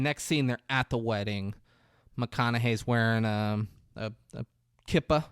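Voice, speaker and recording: A man's voice: mid-range voice, unhurried, fairly bright tone, clean tone, no room sound, clean studio sound. A man hosting a podcast, casually recapping a movie in a rambling, profane storytelling way. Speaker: podcast host.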